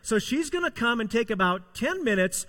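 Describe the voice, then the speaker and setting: A man pastor with a high voice introduces a sermon series and welcomes guests. His tone is bright and pushes forward with energy. The sound rings with a long hall reverb. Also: big pitch swings, moderate pace.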